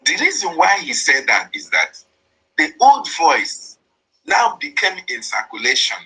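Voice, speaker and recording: A man's voice: a little high, huge pitch swings, unhurried, bright, forceful tone, husky, poor audio. A man with a Nigerian accent giving an impassioned political monologue, repeating and stressing his points as he denounces opponents. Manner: repetitive, emphatic, denouncing opponents. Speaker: speaker on a political online broadcast.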